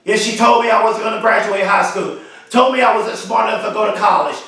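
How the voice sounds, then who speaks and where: A high-voiced man delivers a motivational speech, drawing key phrases out slowly and climbing into shouted, repeated lines. The voice sits far from the mic, and a heavy echo rolls around every word. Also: fairly even intonation. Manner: emphatic, repetitive, builds to shouts; drawn-out slow emphasis on key phrases. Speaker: motivational speaker. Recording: very echoey, voice from far off.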